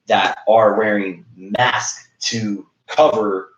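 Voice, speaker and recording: A man hosts a casual podcast interview in a low voice, tripping over his words and restarting as he talks. The room is echoey and the sound dull and lo-fi. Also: slow pace, a little hiss or hum. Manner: animated, stumbling restarts, acts out other people's talk. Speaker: podcast host, realtor.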